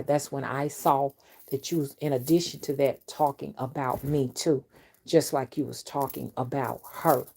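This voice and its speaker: A woman root worker speaking straight to her viewers in a stern, confrontational monologue that drops into low, menacing whispers. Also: dark tone. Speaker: spiritual reader and root worker.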